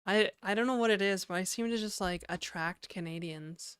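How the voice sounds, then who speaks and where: A woman's voice: medium pitch, moderate pace, a bit bright, clear, resonant tone, dry recording, clean studio sound. A woman livestreaming from home, casually chatting and reading her chat aloud with easy laughs. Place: home in Toronto.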